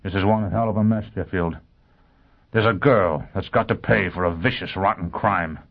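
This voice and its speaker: Grim, tormented male confessor played by a man, very low voice, tinny phone-like audio. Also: moderate pace. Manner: grim, intense.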